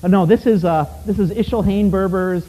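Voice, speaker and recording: A man's voice: high voice, fairly quick, mellow, poor audio. A man teaching a missions class, telling stories and asking the class rhetorical questions in a classroom. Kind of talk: missions teaching talk with storytelling.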